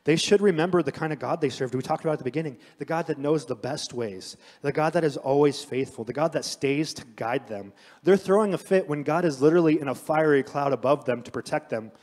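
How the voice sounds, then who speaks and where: A young adult man preaching a sermon as pastor, telling stories with acted quotes in an animated way. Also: a little high, a little fast, hardly any pauses. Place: church sanctuary. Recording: long hall reverb.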